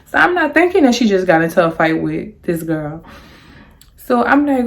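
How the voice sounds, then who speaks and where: A young woman telling a storytime in casual chat, rambling with lots of restarts and fillers, and jumping high in pitch when she quotes herself. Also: normal speed, vocal fry. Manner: animated, jumps high on quoted lines. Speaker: storyteller vlogger.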